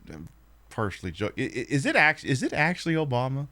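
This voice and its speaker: A man's voice: medium pitch, sing-song, brisk, sharp tone. A man playing a quiz game and commenting casually, joking and swearing, rambling through his guesses. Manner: profane, joking, rambling asides. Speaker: game streamer.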